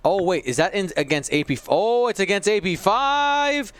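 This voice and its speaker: A man's voice: high voice, very animated, normal speed, a bit bright, smooth, dry recording, soft background music. A man giving play-by-play commentary on a tabletop miniatures game, calling shots and explaining the rules with a wry aside now and then.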